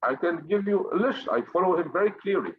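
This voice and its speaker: A man's voice: high-pitched, expressive, fairly quick, slightly rough. A man leading a finance group, giving a blunt, profane and combative motivational rant. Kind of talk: impassioned motivational monologue. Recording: dull, slightly lo-fi dry recording.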